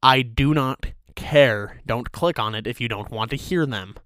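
A young man hosting a comedic rant, crude and profane in a deadpan way. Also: mid-range voice, a little slow, no echo, studio quality. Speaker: host of a rant show.

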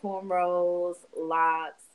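A woman chatting casually in a somewhat low voice, candid and profane, laughing often. The recording is plain. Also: flat delivery, drawn-out words, narrow, tinny audio. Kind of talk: casual chat.

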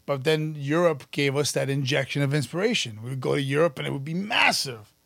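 A man, telling stories about his past in an animated, profane, casual interview. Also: on the high side, fairly quick, gravelly, dry recording. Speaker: podcast guest, musician and actor.

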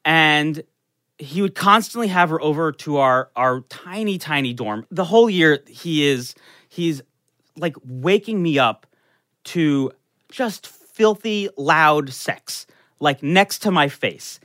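Brightly toned, animated young man. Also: fairly high pitch, takes it slowly, no room sound, clean studio sound. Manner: profane, animated, many restarts and "like". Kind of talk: casual comedic storytelling.

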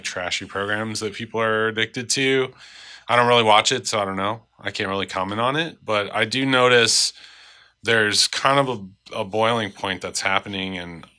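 A man's voice: on the low side, brisk, bright, forceful tone. A man co-hosting a casual podcast, talking reflectively in a stuffed-up voice. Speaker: podcast co-host.

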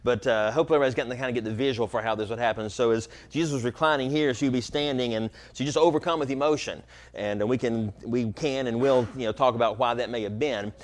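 Middle-aged male pastor, relaxed explanatory sermon delivery, loose and chatty with frequent ums and restarts, mid-pitched voice. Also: fast. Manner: casual, explanatory, many fillers and restarts. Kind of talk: conversational sermon.

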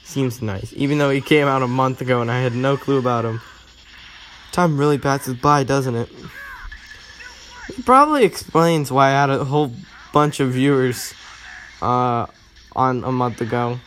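A young man rambling to himself while playing a mobile game, self-mocking and given to excitable outbursts, recorded on a phone. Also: medium pitch, moderate pace, long pauses, a little hiss or hum. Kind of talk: casual gameplay commentary.

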